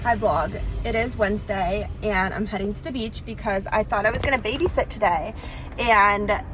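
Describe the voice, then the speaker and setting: A woman's voice: medium pitch, normal speed, music in the background. A woman in her twenties talking casually in a vlog, chatty and full of "like", acting out what people said. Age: 20s. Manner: chatty, lots of "like", acts out quotes. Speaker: vlogger.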